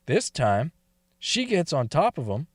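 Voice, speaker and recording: A man's voice: a little high, wildly swooping pitch, measured pace, no echo, clean studio sound. A man telling a crude first-person story, swearing and laughing often. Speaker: story reader.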